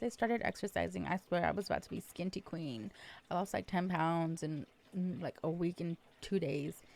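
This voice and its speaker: A woman's voice: lowish voice, vocal fry, a little mellow. A young woman hosting her own podcast, chatting casually and rambling in a self-deprecating way, with lots of fillers. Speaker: podcast host. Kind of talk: casual solo podcast chat.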